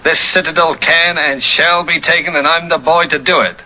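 A man's voice: fairly high pitch, steady tone, moderate pace, bright, forceful tone, poor audio. An actor playing a suave, scornful man in a 1940s film scene, with a clipped transatlantic delivery. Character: suave, scornful man lecturing a proud woman. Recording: old film audio with faint noise.

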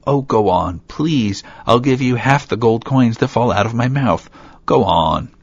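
A man's voice: mid-range voice, animated, unhurried, gravelly, slightly rough, dry recording, voice pushed up, heavily acted. A man voicing a spoiled, envious young stepsister in a storybook reading, bratty, whiny and demanding, in a dull, dry lo-fi recording.

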